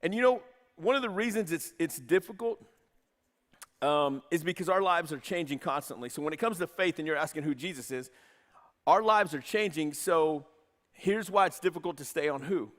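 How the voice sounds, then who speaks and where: A man's voice: on the high side, normal speed, fairly bright tone. A pastor preaching a conversational sermon, repeating phrases as he builds his points. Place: church sanctuary. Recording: church hall reverb.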